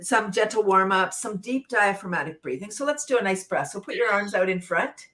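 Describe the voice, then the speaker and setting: A woman's voice: mid-range voice, lively intonation, brisk, a bit bright. A woman guest leading laughter yoga exercises on a talk show, bubbly, laughing often and chanting and cheering along.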